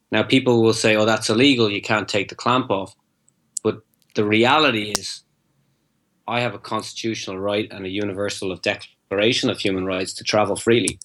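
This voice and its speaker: A fairly low-voiced man spins a long rambling anecdote in an interview, quoting both sides of a conversation. He restarts his sentences often and keeps the story rolling, as a guest talking to a host. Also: a bit bright. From Ireland. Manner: rambling anecdote with acted-out dialogue, frequent restarts.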